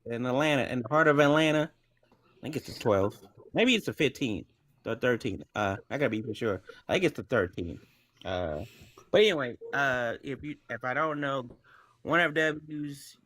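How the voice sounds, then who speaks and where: A man's voice: mid-range voice, a bit bright. A man on a wrestling talk panel, plugging his next show in a loose, rambling way with many fillers. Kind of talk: casual panel chat.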